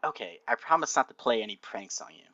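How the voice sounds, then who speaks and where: A man's voice: medium pitch, expressive, fast talker, pushed and bright, dry recording, muffled recording. A man playing a playful young caretaker in a fan fiction reading, teasing and over the top. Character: young man caring for an injured pony.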